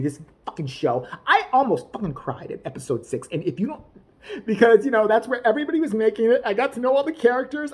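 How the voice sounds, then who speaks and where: A woman's voice: sits high, darkish tone. A woman ranting in a casual, rambling way, swearing often, laughing and putting on mock outrage as she talks. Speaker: vlogger reviewing a TV show.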